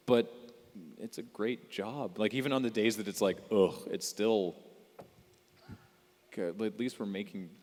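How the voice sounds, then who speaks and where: Male panelist, casual and rambly, slightly low voice, miked in a reverberant convention hall. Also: slight background noise. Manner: rambling, chatty, lots of fillers and restarts. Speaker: panelist on a live comedy web show panel. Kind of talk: casual live panel chat. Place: large convention hall stage.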